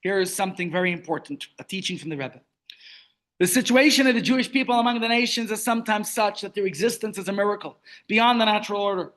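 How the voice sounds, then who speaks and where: A man teaching a Torah class over a video call, telling stories and asking rhetorical questions. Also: sits high. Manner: storytelling, rhetorical questions, animated. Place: online meeting.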